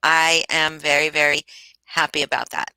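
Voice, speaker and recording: This livestream host, a woman at home, yawns sleepily and rambles as she casually chats with viewers by name. Her deep voice is pushed and bright but completely flat, at a moderate pace, over a low-quality recording with a little hiss or hum.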